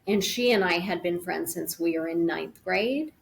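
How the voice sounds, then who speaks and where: A woman's voice: lowish voice, normal speed, gravelly. A woman guest in an interview, speaking in an earnest, thoughtful way and explaining her ideas through vivid imagery. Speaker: podcast guest on grief. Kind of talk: reflective conversational interview.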